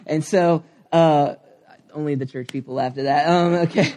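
A man's voice: fairly high pitch, fairly even intonation, moderate pace, darkish tone. A man in his thirties preaching a sermon, telling a personal story candidly, with many fillers and asides. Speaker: pastor.

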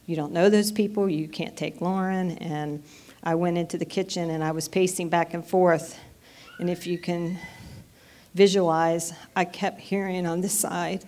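Middle-aged woman telling her story at church, low flat voice, kinda halting, keeps restarting. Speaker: church member giving testimony. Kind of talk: personal testimony at church. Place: church sanctuary.

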